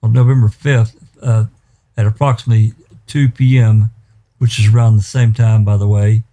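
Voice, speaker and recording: A man's voice: on the low side, little pitch movement, normal speed, warm tone. A man defense attorney rebutting the prosecution in a courtroom, pointed and emphatic, with many fillers.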